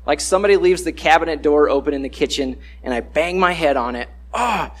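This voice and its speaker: A man's voice: fairly high pitch, quick pace. A man giving a casual, conversational sermon, acting out the voices he quotes.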